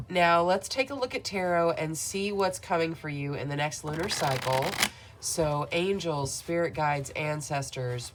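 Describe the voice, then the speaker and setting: A woman's voice: low voice, background noise. A woman reading tarot cards for her viewers in a soothing, affirming way. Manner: soothing, affirming, speaks to viewers as "beautiful souls". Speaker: tarot reader.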